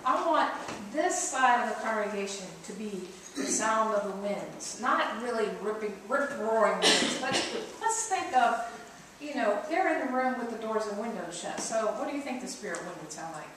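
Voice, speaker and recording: A woman pastor leads her congregation in a playful, interactive sermon, teasing them into taking part. Her slightly high voice reaches the mic from a distance, washed in the heavy echo of the church. A clear layer of noise sits beneath it. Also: animated, normal speed, fairly bright tone. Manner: playful, coaxing congregation to join in. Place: church sanctuary. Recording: echoey church recorded from far off, noisy.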